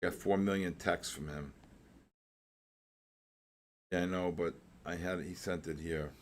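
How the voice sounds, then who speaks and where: A man hosting a live trading stream, excitable and joking as he calls out market moves to his viewers. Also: low voice, unhurried, slight background noise. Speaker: host of a live trading session.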